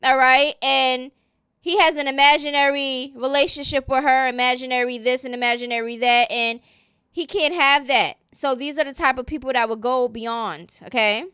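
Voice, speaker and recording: A woman runs through casual gossip commentary in a fairly high voice, blunt and mocking as she sizes people up. The sound is dry and close-miked, with no room echo. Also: fairly even intonation, moderate pace, pushed and bright, smooth.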